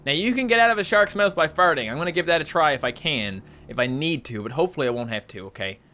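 Australian man, let's-play host, bright tone, excitable commentary with sudden yelps. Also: fast talker. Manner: animated, jumps to high yelps when panicking. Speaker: gaming YouTuber.

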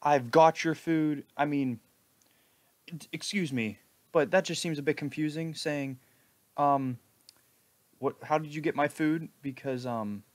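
A man giving mocking, deadpan sarcastic commentary over a video. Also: on the high side, a little slow, long pauses, no room sound. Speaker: video reactor.

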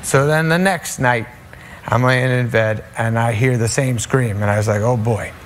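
A man's voice: mid-range voice, moderate pace, a little hiss or hum. A man on a talk show telling comic anecdotes, laughing and stumbling over restarts as he goes. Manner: animated, laughing through stories, stammering restarts.

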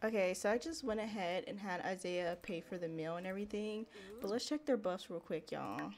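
A woman hosting a Let's Play, chatting excitably to viewers in casual gameplay commentary. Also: medium pitch, fairly quick.

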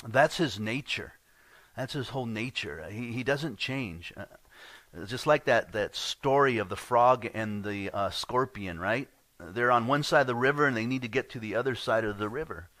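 A man's voice: medium pitch, moderate pace, a bit bright, no echo. A man preaching a sermon as pastor, earnest and conversational, often restarting his words.

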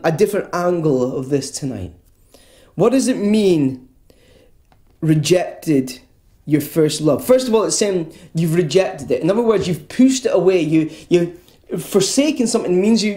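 Preacher, earnest sermon delivery, mellow tone, recorded in a roomy church. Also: mid-range voice. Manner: earnest, repeats words when stressing a point. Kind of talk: evangelical sermon.

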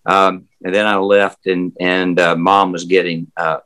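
An older man with a Southern US accent talks with a deep, low voice. He rambles along in a folksy way, full of fillers and restarts, as he tells stories from his working years over a video call. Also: flat delivery, measured pace, a bit bright, rough recording. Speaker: interview guest, former historic house guide. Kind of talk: casual storytelling interview. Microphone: remote video call.

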